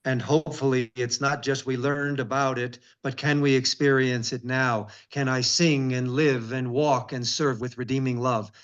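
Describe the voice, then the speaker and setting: Rabbi reading scripture with emphatic asides. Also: male voice, mid-range voice, little pitch movement, a bit bright, dull audio. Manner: reads scripture slowly and emphatically, breaks off with asides. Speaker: rabbi, interview guest. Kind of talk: devotional reading and reflection.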